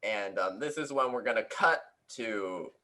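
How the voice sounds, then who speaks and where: Bright-voiced young man running a tabletop game. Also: lowish voice, expressive, measured pace, low-quality recording. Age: young adult. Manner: hesitant, with many ums and laughs. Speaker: game master.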